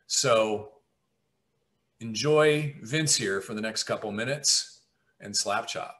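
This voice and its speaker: Bright-voiced man lecturing casually. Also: lowish voice, takes it slowly. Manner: conversational, frequent "right?" checks. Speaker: instructor.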